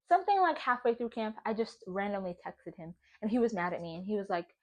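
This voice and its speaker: A young woman vlogger chatting casually while baking at home, animated and profane, laughing often as she talks. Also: mid-range voice, moderate pace.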